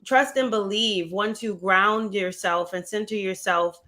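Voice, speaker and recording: Woman host, bright, forward tone, steady and supportive. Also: medium pitch. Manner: direct, encouraging, measured. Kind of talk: livestream interview.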